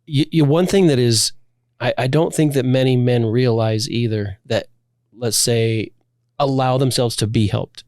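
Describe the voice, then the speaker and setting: A man's voice: medium pitch, a little slow, darkish tone, dry recording. Male co-host, casual reflective interviewer, dry studio sound. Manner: reflective, thinks aloud. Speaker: podcast co-host.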